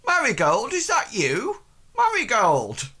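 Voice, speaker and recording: A man's voice: extremely high pitch, wildly swooping pitch, slow, sharp tone, husky, voice pushed up, heavily acted. A man voicing a rotund, protective slum blacksmith with a blustering, attempted Welsh lilt. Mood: surprised.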